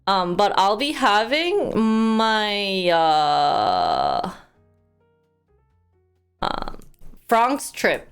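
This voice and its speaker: A woman's voice: medium pitch, very animated, drawn-out words, long pauses, fairly bright tone, clear, resonant tone, soft background music. A woman live streamer chatting casually and reading news aloud. She thanks donors and stumbles over hard words.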